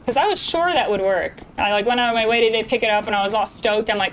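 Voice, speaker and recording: Bubbly young woman streamer, high voice. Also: quick pace, a bit bright, slight background noise, low-quality recording. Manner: bubbly, chatty, laughs often, talks to chat. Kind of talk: casual gameplay chat.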